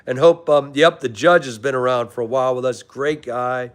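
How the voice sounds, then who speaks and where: A man's voice: medium pitch, normal speed. A young man hosting a live stream, casually greeting chatters by name and calling them brother. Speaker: livestream host reading chat.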